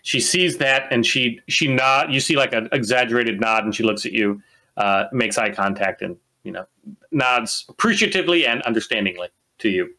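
Bright male game master who narrates casually and rambles with lots of fillers. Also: medium pitch, normal speed.

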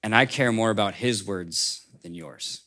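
A man voicing a calm young wooden girl from a storybook who speaks plainly. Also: fairly low pitch, a little slow.

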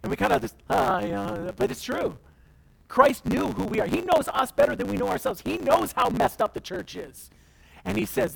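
A male pastor preaching to his church, his voice sitting high for a man and leaping up and down with lively swings of pitch. A strong gravelly fry runs through his words as he moves from loud declarations to near-whispered asides, stopping now and then to act out the voices he quotes. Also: normal speed, rough recording. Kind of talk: sermon.

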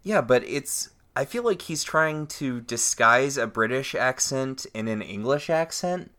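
A man's voice: medium pitch, lively intonation, measured pace, pushed and bright. A man from the United States co-hosting a podcast, picking apart a TV episode in a thoughtful, analytical way. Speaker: podcast co-host. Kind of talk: casual chat recapping a TV episode.

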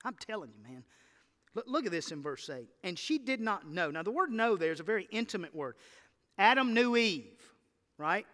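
A man preaching a sermon to his church, impassioned and building to loud emphatic lists. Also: sits high, sing-song, moderate pace. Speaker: pastor. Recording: church hall reverb.

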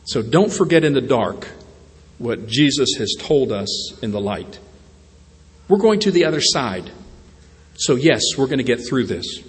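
A male pastor preaching a sermon in a church, swinging between slow, quiet emphasis and bursts of animated storytelling as he acts out voices. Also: mid-range voice. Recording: long hall reverb.

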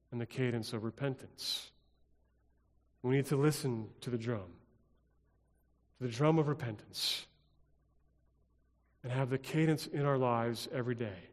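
A pastor delivering a sermon in a rhythmic, repetitive style, dropping at times to a hush. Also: male voice, mid-range voice, in a large hall. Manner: rhythmic, repetitive preaching with dramatic drops to a hush.

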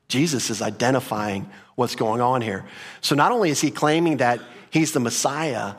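A man pastor teaching a conversational sermon in a church, with quick asides to the room. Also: mid-range voice.

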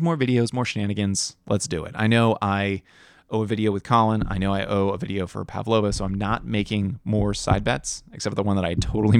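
A man's voice: lowish voice, dry recording, studio quality. A tired young man rambling through casual fantasy football podcast commentary as the league's host, often restarting his sentences. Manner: rambling, self-correcting, yawning and tired.

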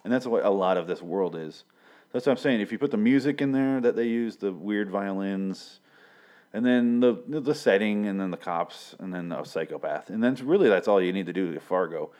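With a lowish, slightly mellow voice at a moderate pace, a Michigan man gives a casual, meandering TV show review. He curses a lot, uses plenty of fillers, and revises his own statements.

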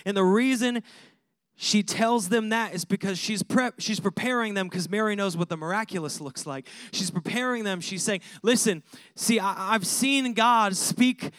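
High-voiced animated male preacher. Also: normal speed, no room sound, studio quality. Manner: animated, conversational preaching with laughs and repeated lists. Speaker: pastor. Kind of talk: sermon.

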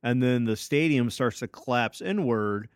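Smooth-voiced man telling a story. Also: mid-range voice, normal speed, no echo, studio quality. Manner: loose and profane, full of fillers and restarts. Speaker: podcast co-host. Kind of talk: casual storytelling.

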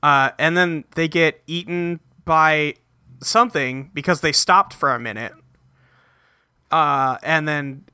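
A man's voice: a little high, pushed and bright, clear, resonant tone, dry recording. A man recapping a cartoon episode in casual, profane, joking podcast chat, rambling with fillers, on a close mic. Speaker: podcast co-host.

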